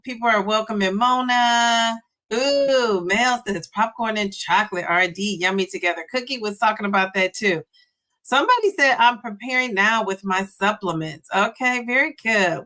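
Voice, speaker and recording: Live-stream host, woman in her fifties, chatty and bubbly, bright tone. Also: mid-range voice. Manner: bubbly, chatty, gives shout-outs. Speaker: livestream host and weight-loss coach. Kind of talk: casual live-stream chat reading comments.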